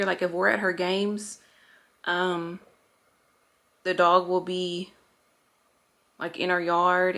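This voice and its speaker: A woman's voice: on the low side, fairly bright tone. A young woman, chatting casually in a home vlog, rambling and correcting herself as she goes. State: slightly out of breath. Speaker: vlogger. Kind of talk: casual chat.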